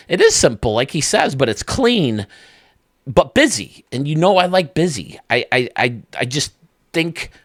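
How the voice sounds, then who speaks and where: A man's voice: medium pitch, fairly bright tone, dry recording, studio quality. A man hosting a video game channel, giving casual, enthusiastic commentary that rambles as he thinks aloud.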